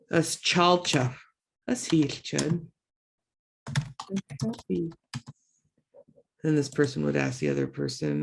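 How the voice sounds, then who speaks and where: A woman teaching a language lesson online through a computer mic, slowly repeating words for learners and adding chatty asides in between. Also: extremely low pitch, vocal fry, darkish tone, slight background noise. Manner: slow drawn-out word repetitions for learners; chatty asides with self-teasing.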